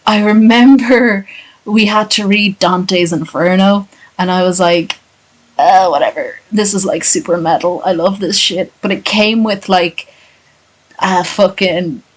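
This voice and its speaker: A woman's voice: medium pitch, low-quality recording. A woman streamer chatting casually and profanely after a long reading, tired and with a sore voice. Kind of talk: casual chat.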